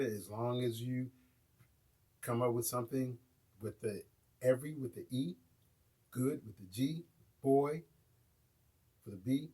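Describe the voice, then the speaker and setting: Slow, husky American drum teacher. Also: male voice, medium pitch. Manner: casual, checks in with viewers often. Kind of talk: live online music lesson.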